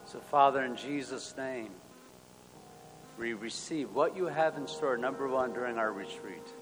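A man's voice: mid-range voice, a little slow. Man praying aloud in a reverberant hall. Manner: earnest, swells from hushed to loud. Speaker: pastor leading prayer. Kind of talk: spoken prayer. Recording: long hall reverb, soft music.

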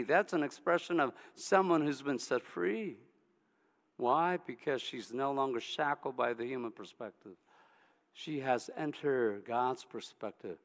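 A man preaching a sermon, animated and acting out scenes from his story. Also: medium pitch, long reverb tail.

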